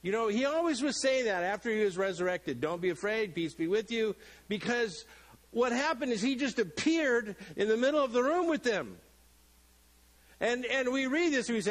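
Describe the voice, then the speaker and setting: Lively, joking middle-aged male pastor. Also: very high-pitched, moderate pace, rough recording. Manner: lively, joking, acts out the people in the story. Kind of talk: sermon. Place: church sanctuary.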